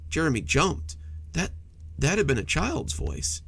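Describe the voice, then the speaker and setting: A man narrating a cozy horror story in a measured, softly dramatic way. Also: fairly high pitch, big pitch swings, vocal fry, a little hiss or hum.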